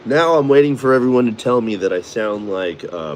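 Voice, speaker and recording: A man's voice: mid-range voice, lively intonation, brisk, background noise. A middle-aged man from Chicago rambling casually, cursing and laughing often. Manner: profane, laughs often, does voices. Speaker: vlogger.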